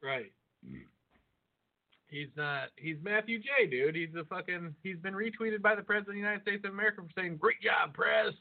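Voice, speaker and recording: A man co-hosting a podcast in excitable, profane casual banter, laughing often. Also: sits high, a little fast. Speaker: podcast co-host. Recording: phone-like lo-fi audio.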